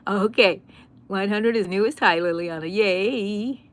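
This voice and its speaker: A woman's voice: mid-range voice, normal speed. Chatty woman crochet livestreamer. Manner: chatty, warm with viewers, drawls "y'all", sudden excited squeals. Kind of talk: casual livestream chat.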